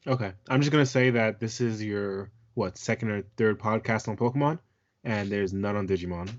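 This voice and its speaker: A man's voice: lowish voice, normal speed, lo-fi sound. Teasing man co-hosting a podcast. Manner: teasing, exclaims, swears casually. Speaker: podcast co-host. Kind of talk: casual chat.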